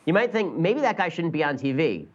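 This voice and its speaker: A man's voice: fairly high pitch, big pitch swings, a little fast, highs cut off. A male guest on a talk show, riffing sarcastically on politics and the media in casual banter. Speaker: guest commentator.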